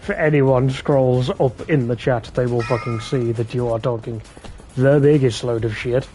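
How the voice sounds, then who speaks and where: A man's voice: mid-range voice, steady tone, normal speed, dark tone. A man doing casual live commentary over a game, bickering and swearing with his chat. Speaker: game streamer. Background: game music.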